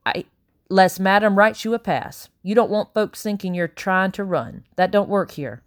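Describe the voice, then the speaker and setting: A woman voicing a bossy, talkative middle-aged housekeeper who scolds briskly and barely stops for breath. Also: medium pitch, no echo, clean studio sound, natural voice. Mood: scolding.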